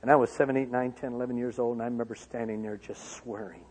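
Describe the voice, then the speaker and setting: Husky guy telling his life story on stage, big loud-to-hushed swings, long hall reverb. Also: mid-range voice, fairly even intonation, quick pace. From Michigan, USA. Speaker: speaker. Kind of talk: personal testimony speech. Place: large auditorium.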